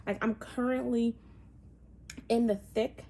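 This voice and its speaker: A woman's voice: fairly high pitch, steady tone, slow pace, dark tone. A woman hosting a casual opinion monologue, talking emphatically and animatedly, with many fillers and restarts. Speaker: podcast host.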